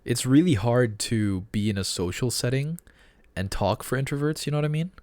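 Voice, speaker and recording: A man's voice: medium pitch, normal speed, darkish tone, dry recording. A man co-hosting a podcast in casual chat, laid-back and loose. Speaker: podcast co-host.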